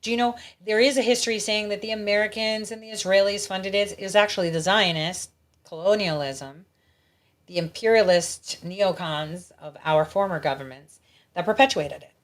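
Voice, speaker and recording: A woman's voice: medium pitch, moderate pace. A woman hosting her own show, giving blunt, profane political commentary in a ranting manner. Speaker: show host.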